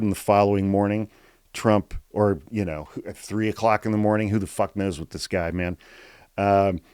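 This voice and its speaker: A man hosting a podcast of political commentary, swearing freely and reading quotes aloud in a flat, calm tone. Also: fairly low pitch, smooth, no room sound, studio quality. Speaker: podcast host.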